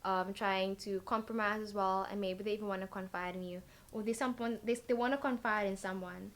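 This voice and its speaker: A woman's voice: mid-range voice, steady tone, a little fast, a bit bright. A woman giving a casual tarot reading, rambling and thinking aloud with lots of fillers. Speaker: tarot card reader.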